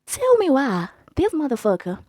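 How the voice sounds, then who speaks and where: A young woman telling a casual, profane storytime with a blunt, animated delivery. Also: high-pitched, normal speed, no room sound. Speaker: storytime vlogger.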